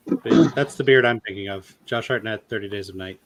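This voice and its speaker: A man's voice: fairly low pitch, fairly quick. A man co-hosting a podcast, chatting casually in a wry, self-deprecating way. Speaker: podcast co-host. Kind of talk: casual chat.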